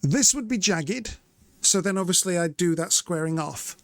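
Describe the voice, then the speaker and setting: A man's voice: high voice, lively intonation, moderate pace, no room sound. A man giving chatty live commentary as he plays and explains his method step by step. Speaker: streamer.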